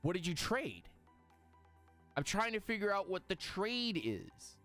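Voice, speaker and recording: A man hosting a live stream, reacting excitably and talking to his chat in casual commentary. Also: sits high, measured pace, soft background music.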